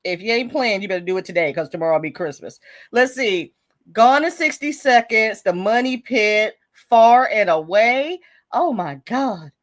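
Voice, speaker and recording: A woman's voice: medium pitch, lively intonation, moderate pace. A woman hosting a casual live stream, reading viewer comments and laughing often as she chats. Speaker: livestream host.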